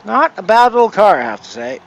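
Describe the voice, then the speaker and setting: A man's voice: sits high, very animated, a little fast, vocal fry, poor audio. Laid-back man muttering over engine noise. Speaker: streamer. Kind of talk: casual gameplay commentary. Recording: car engine noise behind. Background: racing game engine sounds.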